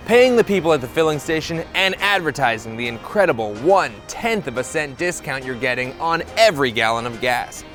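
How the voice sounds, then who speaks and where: A young man hosts a comedic explainer, his voice jumping around with a lively, animated pitch. He is sarcastic and jokey, swearing now and then, and a faint bit of music sits under him. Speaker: host.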